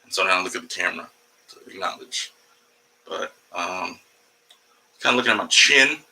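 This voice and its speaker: A man's voice: low-pitched, normal speed, gravelly, sharp tone, a little hiss or hum, poor audio. A man doing a casual, rambling comedy livestream from home, profane and jumping between topics, talking to his cat along the way. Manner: talks to his cat mid-stream.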